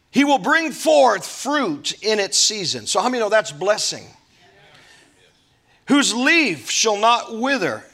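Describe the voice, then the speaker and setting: A man's voice: sits high, bright, forceful tone. A man preaching a sermon as pastor, emphatic, with folksy asides.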